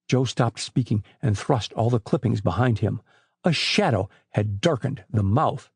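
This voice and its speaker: Husky guy reading an audiobook, dry close mic, expressive. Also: mid-range voice, measured pace, no echo. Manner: expressive storytelling. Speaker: audiobook narrator. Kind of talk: audiobook narration.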